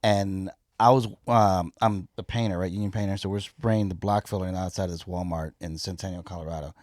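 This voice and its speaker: A man with a Chicago accent telling a profane work story in a casual, animated way and acting out both sides. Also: low-pitched, brisk, dry recording, studio quality. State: high. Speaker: comedian guest.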